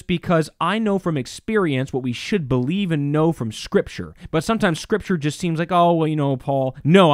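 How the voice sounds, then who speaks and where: A man's voice: fairly high pitch, no room sound, clean studio sound. A man preaching a sermon as a pastor, impassioned and emphatic, repeating phrases for stress.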